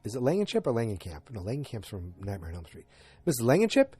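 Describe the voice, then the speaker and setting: A man's voice: fairly low pitch, very animated, quick pace, warm tone, slightly rough, soft background music. A man from north of Boston with a slight Boston accent, recapping a TV episode in a casual, rambling way with jokey asides. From north of Boston, Massachusetts. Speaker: podcast host.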